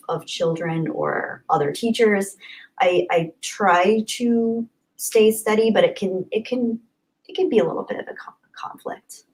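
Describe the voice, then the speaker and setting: A woman hosting a casual livestream, chatty and upbeat, thanking viewers by name and often trailing off softly. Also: on the low side, low-quality recording. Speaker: livestream host. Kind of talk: casual live chat reading comments.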